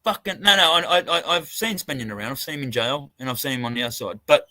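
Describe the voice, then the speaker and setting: An Australian man hosts a casual livestream chat, rambling through stories with plenty of swearing and frequent sentence restarts. His mid-range voice is fast and sharp-toned with lively intonation, and there's no echo.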